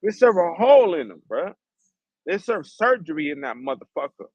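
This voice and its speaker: Fired-up guy cursing thru a stream rant, kinda high voice, muffled dry mic. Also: very animated, normal speed, husky, no echo. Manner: heated, profane street slang. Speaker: livestream host. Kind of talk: ranting livestream monologue.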